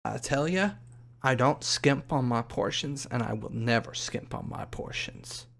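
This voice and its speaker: A man voicing a gruff, proud male restaurant worker who talks in a curt, dismissive way. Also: medium pitch, huge pitch swings, a little slow, a bit bright, heavily acted.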